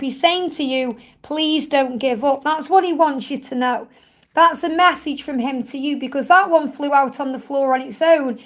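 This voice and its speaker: Woman, high voice, gentle reassuring card reader, live-stream Q&A host. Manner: gentle, reassuring, calls viewers honey.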